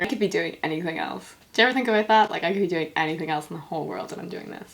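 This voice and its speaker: A woman's voice: medium pitch, expressive, fairly quick, soft background music. A young woman who reads fan fiction aloud, mocking it with sarcastic asides and breaking into laughter often. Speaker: YouTuber.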